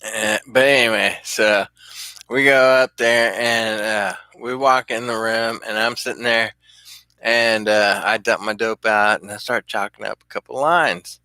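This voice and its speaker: Bright-voiced man rambling through a story. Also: fairly low pitch, steady tone, unhurried, no room sound. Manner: rambling, profane, chuckling often. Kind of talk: casual anecdote telling.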